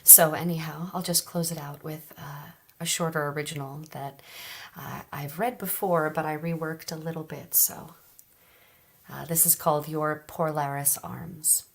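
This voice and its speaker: A woman reads poetry at an open mic in a soft, measured way. Her voice has a husky, airy texture, and she takes her time, letting phrases fall to a hush. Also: sits low, steady tone. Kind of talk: poetry reading.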